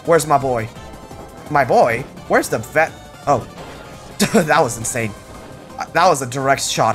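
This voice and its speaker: A young man giving casual, jokey gameplay commentary, yelping excitedly when something surprises him. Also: mid-range voice. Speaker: gaming channel host.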